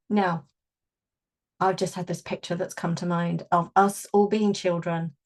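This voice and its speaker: A woman leading an energy-healing workshop, explaining in a gentle, conversational way and guiding listeners through affirmations. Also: on the low side, flat delivery, a little slow. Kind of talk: guided workshop teaching.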